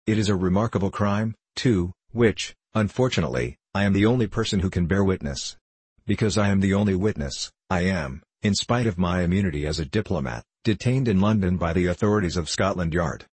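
A man's voice: sits low, fairly quick, darkish tone, breathy edge, dry recording. A man voicing a young American naval officer who speaks nervously and politely. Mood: uneasy.

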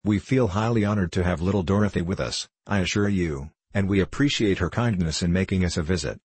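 A man's voice: deep voice, brisk, darkish tone, husky, no echo. A man voicing a courtly, gracious male fox king in an audiobook reading.

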